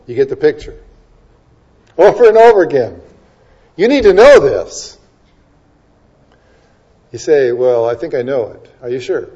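Through a muffled recording, a pastor preaches in a mid-range voice that's expressive, warm and husky. He poses rhetorical questions, builds to emphatic peaks and rattles off scripture references one after another.

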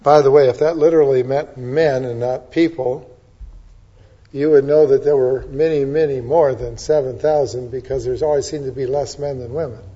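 A male preacher giving a sermon in an animated, emphatic storytelling manner, on a dull lo-fi recording. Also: medium pitch, normal speed, slightly rough. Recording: dull lo-fi sound.

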